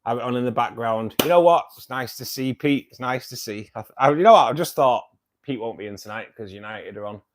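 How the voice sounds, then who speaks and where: This fishkeeping club livestream host talks fast in an expressive, medium-pitched voice. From home next to his tanks, he welcomes viewers with rambling, jokey banter full of fillers.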